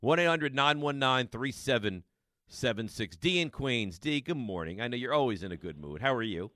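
A male sports radio host, ranting in a rapid string of repeated rhetorical questions. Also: mid-range voice, lively intonation, bright, forceful tone, dry recording, clean studio sound. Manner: emphatic, repetitive rhetorical questions. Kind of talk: sports talk radio rant. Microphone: studio microphone.

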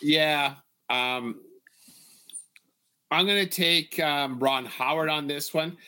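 A man's voice: a little high, slow, bright, forceful tone, clean tone. A man co-hosting a podcast from Canada, talking sports in a loose, profane and laughing way. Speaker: podcast co-host. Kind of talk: casual sports banter.

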